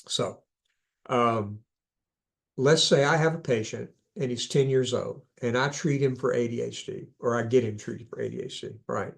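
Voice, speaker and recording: A man with a gravelly, slightly creaky voice talks through a clinical topic in a loose, conversational lecture. He corrects himself mid-sentence and throws in casual asides, keeping the tone of a clinician explaining things to parents. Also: mid-range voice. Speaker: speaker on ADHD, clinician.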